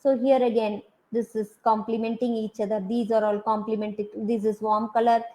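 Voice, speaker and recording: A woman's voice: a little high, level tone, moderate pace, dark tone, poor audio. A woman with an Indian English accent giving a university design lecture, talking through slide examples with many hesitant fillers.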